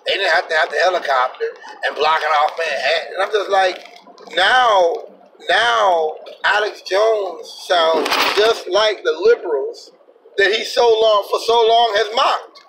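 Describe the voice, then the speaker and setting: A man's voice: high voice, unhurried, recorded from a distance, background noise. A man vlogging an indignant, emphatic opinion rant with plenty of profanity. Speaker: vlogger, truck driver.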